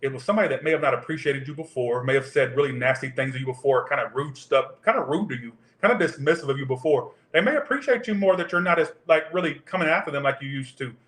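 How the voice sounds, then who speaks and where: A man's voice: mid-range voice, animated, fast talker, hardly any pauses, a bit bright, roomy sound. A man giving a casual tarot reading, rambling off into profane tangents. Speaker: tarot reader.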